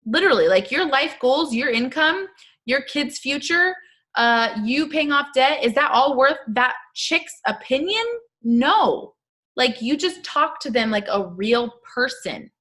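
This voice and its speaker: A woman's voice: high-pitched, expressive, unhurried, fairly bright tone. A woman coaching her sales team on a live stream, casual and chatty, full of fillers and asides, upbeat and emphatic.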